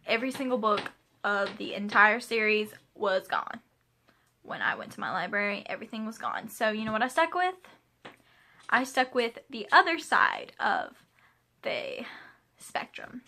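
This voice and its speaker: A woman's voice: a little high, bright, forceful tone. A woman of twenty chatting casually at home, answering tag questions in a rambling, talkative way with frequent asides. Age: 20s. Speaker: vlogger. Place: home room with a pet playing.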